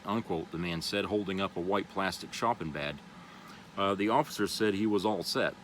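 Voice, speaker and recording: Low-voiced man reading aloud, then rambling. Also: normal speed, a little hiss or hum, poor audio. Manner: loose and rambling, with many "you know" fillers. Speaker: vlogger. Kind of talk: reading an article aloud, then casual commentary.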